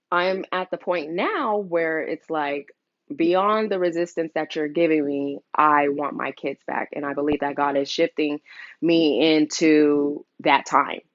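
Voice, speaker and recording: A woman's voice: low voice, no room sound. Earnest mother, dry lo-fi sound. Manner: earnest, open, many fillers. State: emotional, near tears. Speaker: mother sharing a custody story. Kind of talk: personal confessional vlog.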